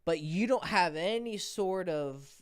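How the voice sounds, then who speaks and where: A man's voice: high voice, animated, unhurried, clean tone, dry recording, studio quality. A man coaching dating on a livestream Q&A, blunt and profane, swinging his voice up and down to show how rhythm works.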